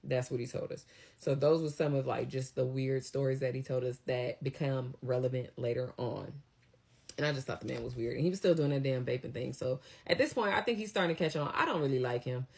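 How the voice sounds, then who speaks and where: Brief: young woman, deep voice, chatty storyteller who acts out quotes. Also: fairly quick, creaky, darkish tone. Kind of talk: casual storytime chat.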